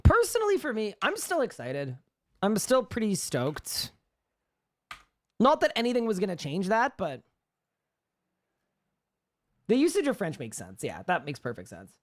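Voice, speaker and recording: A man's voice: high-pitched, huge pitch swings, a little slow, long pauses. A young man with a Canadian accent, chatting casually on a live gaming stream and answering chat questions.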